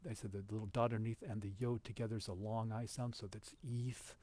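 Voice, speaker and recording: A man giving an informal lesson over a shared screen, patient and explanatory, pausing often with fillers and restarts. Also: fairly low pitch, little pitch movement, mellow. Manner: halting, with many fillers and restarts. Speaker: teacher.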